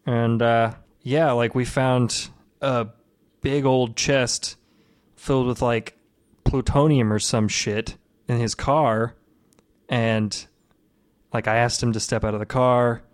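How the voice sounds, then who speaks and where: A man's voice: medium pitch, steady tone, takes it slowly, lightly acted. A man voicing a wounded male police officer who talks bluntly and curses offhandedly. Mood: casual. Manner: cursing, offhand, rambling.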